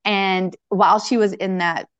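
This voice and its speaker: A woman's voice: mid-range voice, fairly even intonation, unhurried, a bit bright, clean tone. A woman hosting a podcast, chatting casually about spirituality with lots of "um" and "you know" as she rambles through her thoughts. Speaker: podcast host.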